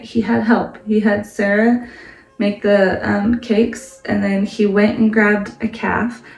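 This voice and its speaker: A woman's voice: mid-range voice, darkish tone. A woman hosting a Bible study who reads scripture aloud and talks it through casually, thinking aloud and often checking in with "right?". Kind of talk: reading scripture and casual commentary. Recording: roomy echo, distant from the mic, faint music behind.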